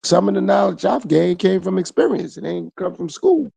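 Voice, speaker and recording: A man's voice: high voice, expressive, moderate pace, vocal fry, mellow, breathy edge, dry recording. A man hosting his own podcast, talking through a reflective solo monologue full of repeated phrases and rhetorical questions. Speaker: podcast host.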